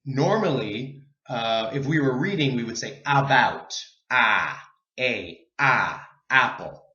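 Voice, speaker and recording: A man teaching an English pronunciation lesson, slow and deliberate, drawing out sounds for learners to repeat. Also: medium pitch, animated, sharp tone, reverberant, muffled recording.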